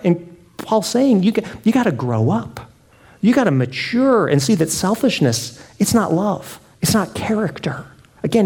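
A man preaching a sermon with passion, drawing some lines out softly and raising his voice on others. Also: high voice. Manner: impassioned, swings between soft drawn-out lines and raised exclamations.

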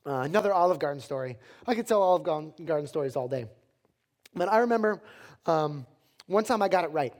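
Animated storytelling male preacher. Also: fairly high pitch, fairly quick. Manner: animated, self-deprecating humor. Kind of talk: sermon with personal storytelling.

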